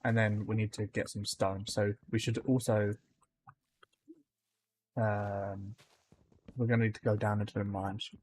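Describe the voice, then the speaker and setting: A man's voice: on the low side, level tone, a little slow, pauses often, darkish tone, slight background noise. A man streaming a game live, chatting casually with his viewers and greeting them by name, with plenty of ums. He says his accent can be hard to follow.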